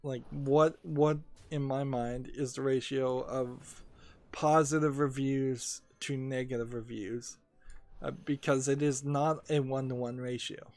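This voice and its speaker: A man's voice: mid-range voice, fairly even intonation, slow, darkish tone, dry recording, faint music behind. A man casually talking over his gaming video as a small YouTube creator, rambling and hesitant with many fillers, a little sleepy.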